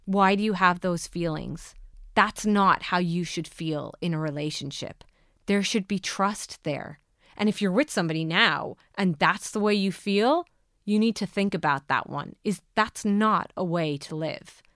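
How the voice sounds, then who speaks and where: A woman's voice: lowish voice, a little slow, fairly bright tone, no echo, clean studio sound. A woman hosting a podcast, giving earnest coaching on manifesting love and asking listeners many questions. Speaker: podcast host.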